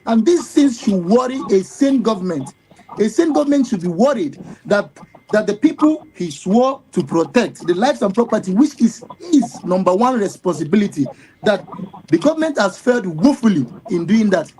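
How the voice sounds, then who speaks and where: A man's voice: high-pitched, very animated, normal speed, a little mellow, slight background noise, low-quality recording. A man with a Nigerian accent, a guest on a live discussion, speaking emphatically and indignantly with many rhetorical questions and stacked fillers. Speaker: guest commentator.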